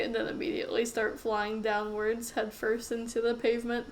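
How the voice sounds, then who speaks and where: A woman's voice: on the high side, level tone, poor audio. A woman running a tabletop game as game master, narrating with frequent laughs and fillers. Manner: laughs often, fills pauses with um.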